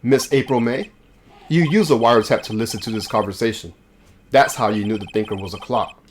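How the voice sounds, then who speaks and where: A man's voice: lowish voice, a little fast, a little hiss or hum, close to an everyday voice. A man voicing an earnest young male defense lawyer in a game playthrough, determined and accusing.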